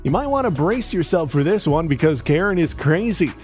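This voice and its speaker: Slightly high male narrator, mocking tone. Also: animated, fairly quick, loud music behind the voice. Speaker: commentary narrator. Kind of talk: scripted narration.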